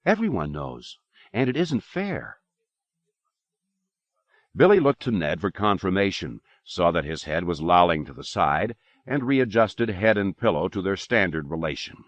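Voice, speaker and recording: Deep-voiced man reading an audiobook. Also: sing-song, unhurried, no echo. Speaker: audiobook narrator. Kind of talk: audiobook narration. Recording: dull lo-fi cassette recording.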